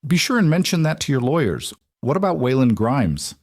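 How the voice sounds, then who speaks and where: A man's voice: mid-range voice, sing-song, moderate pace, dry recording, studio quality, pitched above the performer's own voice. A man voicing an exasperated adult woman who fires pointed, incredulous questions at her husband in an audiobook. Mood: sarcastic. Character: sharp-tongued wife, adult woman, exasperated.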